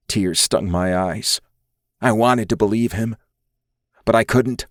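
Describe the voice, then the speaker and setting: A man narrating a first-person audiobook in a measured, intimate storytelling manner. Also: lowish voice, no echo, clean studio sound.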